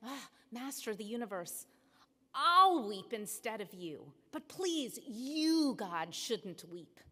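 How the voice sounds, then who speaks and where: An earnest archangel pleads with God in an imploring tone, voiced by a woman preacher. The voice sits fairly high, and a long hall reverb hangs behind it. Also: sing-song, slow pace, a bit bright, full character voice.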